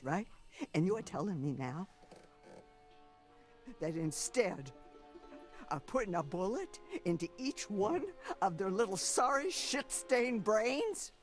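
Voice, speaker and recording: Game role: a grieving, vengeful old Southern mother who curses and lashes out; pitch swings wide. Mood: accusing. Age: older. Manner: cursing, scolding, shifts from muttering to yelling.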